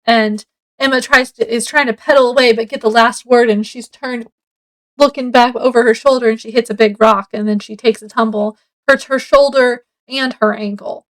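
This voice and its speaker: A woman's voice: fairly high pitch, fairly even intonation, moderate pace, a bit bright, poor audio. A woman reviewing a book casually, summarizing the plot in a chatty, meandering way with many fillers.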